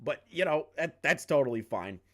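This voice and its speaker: A man's voice: a little high, lively intonation, moderate pace. Male reaction commentator, crude and mocking, heated rants. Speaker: commentary YouTuber.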